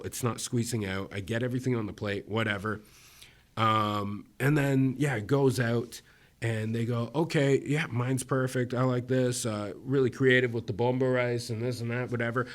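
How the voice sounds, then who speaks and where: A man from Egypt, a comedian guest, telling a story casually and acting out the voices of the people in it. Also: mid-range voice. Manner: animated, acts out quoted voices.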